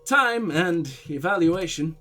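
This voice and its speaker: A man voicing a smooth, evasive foreign diplomat in a mock Russian-German accent, with a suave, pompous manner. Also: fairly high pitch, expressive, takes it slowly, pushed and bright, soft background music, exaggerated voice. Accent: mock Russian-German blend.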